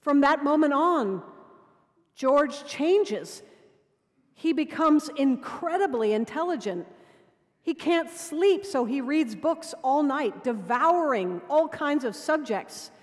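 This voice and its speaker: A woman dean preaching a sermon in measured storytelling, sometimes dropping to quiet intimacy. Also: high-pitched, animated. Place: cathedral. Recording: long cathedral reverb.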